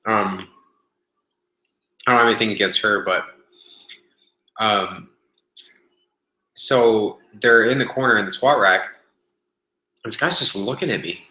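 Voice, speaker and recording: A young vlogger tells a rambling gym story on a casual webcast, swearing freely and stumbling through fillers and restarts. His lowish voice has a bright, forceful edge, he speaks slowly with long pauses, and the room webcam audio is very echoey.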